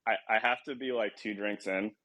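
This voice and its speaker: A man's voice: lowish voice, steady tone, brisk, sharp tone. A man hosting a casual podcast chat, rambling with lots of ums, restarts and laughs. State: short on sleep. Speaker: podcast host.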